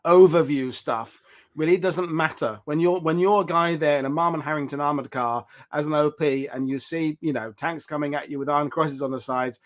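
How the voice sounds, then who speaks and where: A man's voice: on the high side, brisk. A man hosting a history show, chatting casually and reflectively and thinking aloud as he talks. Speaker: show host. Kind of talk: casual discussion.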